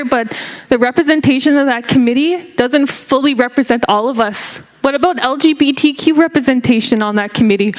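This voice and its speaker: Speaking up at a community band meeting, a young woman from Canada delivers an emotional, earnest appeal, sometimes groping for the right words. Her voice sits a little high, and the recording is poor.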